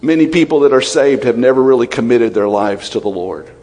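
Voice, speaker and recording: A man preaching a sermon as pastor, emotional and animated, swinging between raised fervor and low, quiet intensity. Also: brisk, in a large hall.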